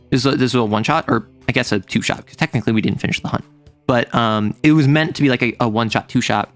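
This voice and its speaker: Animated man chatting on stream. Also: medium pitch, no echo. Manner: animated, rambling storyteller who laughs often. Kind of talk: casual chat.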